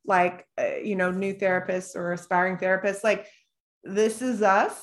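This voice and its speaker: A woman's voice: medium pitch, normal speed. A middle-aged woman therapist who co-hosts a group Q&A, chatting and telling stories with frequent laughter. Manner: chatty, animated storyteller, laughs often. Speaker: podcast co-host and business coach for therapists. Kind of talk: casual group Q&A chat.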